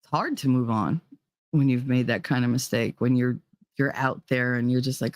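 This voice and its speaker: A woman's voice: extremely low pitch, expressive, moderate pace, no echo, clean studio sound. A woman with a New Jersey accent giving a blunt, profane, fiery rant to her viewers. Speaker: vlogger. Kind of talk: ranting monologue.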